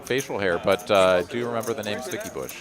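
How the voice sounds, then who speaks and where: A man doing live poker commentary, relaxed and joking, with promotional asides. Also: fairly low pitch, fast. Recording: busy card room crowd behind.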